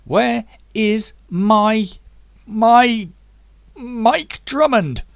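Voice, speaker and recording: A man's voice: fairly high pitch, lively intonation, normal speed, no echo. A man voicing a determined young man who speaks firmly and threateningly. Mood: menacing. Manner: firm, commanding.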